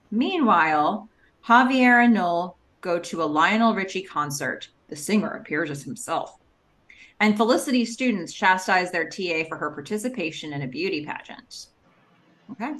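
A woman co-hosting a casual rewatch podcast, chatty and relaxed. She reads out episode details and talks things over at an easy pace in a voice of middling pitch. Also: normal speed. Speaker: podcast co-host. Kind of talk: casual chat.

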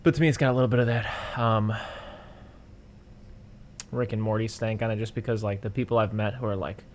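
A man's voice: fairly low pitch, steady tone, a little fast, a little hiss or hum. A young man co-hosting a casual podcast, giving candid film opinions in a laid-back way and laughing often. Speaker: podcast co-host. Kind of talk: casual chat.

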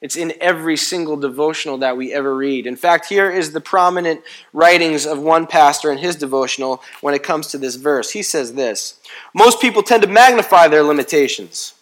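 A man preaching a sermon as pastor, telling stories in a playful, animated way. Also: a little high, brisk. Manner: animated storytelling, playful and comic. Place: church.

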